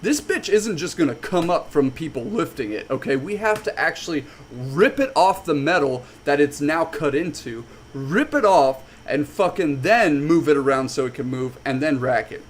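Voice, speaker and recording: A man telling a story casually on a stream, animated and swearing a lot. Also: a little high, normal speed, hardly any pauses, a little hiss or hum.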